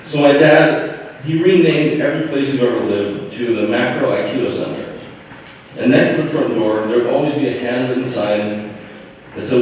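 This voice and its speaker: A man's voice: medium pitch, a little mellow, a little hiss or hum. Man speaking far off in an echoey hall. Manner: informal, halting, with light humor. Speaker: son giving a eulogy. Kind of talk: memorial speech from notes. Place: large hall at a memorial gathering. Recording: echoey hall, distant mic.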